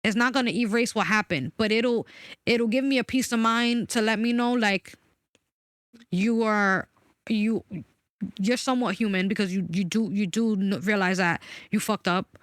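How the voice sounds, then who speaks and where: A woman's voice: mid-range voice, moderate pace, dry recording, clean studio sound. A woman in her forties talking candidly and emphatically about a personal experience, swearing freely. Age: 40s. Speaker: guest.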